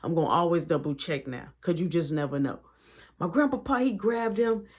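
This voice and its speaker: A young adult woman telling a personal story in a casual storytime vlog, swinging between dramatic loud moments and hushed asides. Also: lowish voice, expressive, fairly quick, slightly rough.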